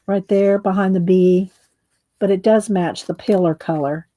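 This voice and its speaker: She's a mixed-media art creator losing her voice, hoarse and often clearing her throat, muttering to herself as she paints during a relaxed craft tutorial. Her medium-pitched voice stays steady and mellow at a measured pace.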